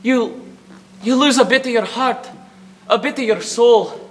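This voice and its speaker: In this humorous interpretation piece, a young man competing as a student adopts a put-on Scottish accent for a grumbling shepherd full of self-pity. His voice is very high and a bit bright, his pace a little slow, and the mood is a theatrical rant.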